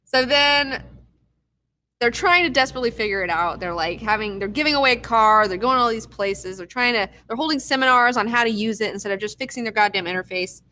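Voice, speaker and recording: A young woman casually recapping a TV episode, swearing freely, excitable and acting out characters' lines. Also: on the high side, a little fast, slight background noise. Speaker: TV recap host.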